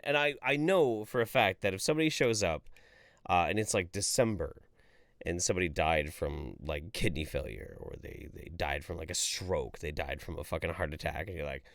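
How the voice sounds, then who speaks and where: A man hosts a livestream and rants through the chat messages with plenty of swearing. His pitch leaps around as his exasperation builds. The sound is close and dry, with no room echo. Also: lively intonation, moderate pace. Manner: profane, exasperated ranting; swings between loud outbursts and mumbled asides. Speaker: commentary streamer reading viewer chats. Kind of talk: livestream commentary.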